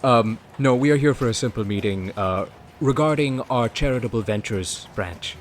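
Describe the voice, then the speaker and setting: A man playing a polite businessman character in a tabletop game, measured and formal, laughing often. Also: medium pitch, slight background noise. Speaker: player.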